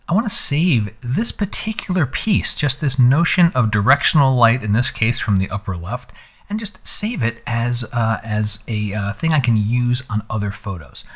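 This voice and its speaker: Man casually walking through a software tutorial. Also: medium pitch. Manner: relaxed, conversational explaining with fillers. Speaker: photography instructor. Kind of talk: screen-recorded software tutorial.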